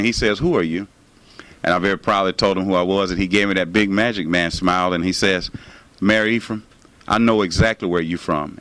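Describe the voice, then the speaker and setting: A man's voice: lowish voice, a bit bright, no echo, poor audio. Emphatic man, campaign speech. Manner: emphatic, repetitive rally rhetoric. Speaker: city mayor.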